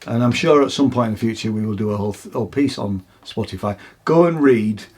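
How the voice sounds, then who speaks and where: A man's voice: lowish voice, quick pace, darkish tone, slightly rough. A man, co-hosting a music podcast, chatting casually and giving opinionated takes. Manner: opinionated, chatty, frequent restarts. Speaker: podcast co-host. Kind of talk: casual chat.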